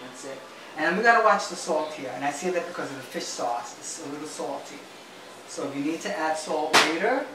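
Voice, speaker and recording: A woman hosting a cooking show, chatty and flamboyant, talking viewers through a recipe in her kitchen. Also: low-pitched. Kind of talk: cooking demonstration. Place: home kitchen. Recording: roomy kitchen, distant mic, noisy.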